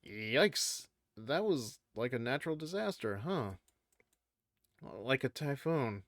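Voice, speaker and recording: A man's voice: medium pitch, big pitch swings, slow, no echo, clean studio sound. A man streaming a visual novel, reading the dialogue aloud and making rambling, jokey asides. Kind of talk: reading game text aloud and commenting.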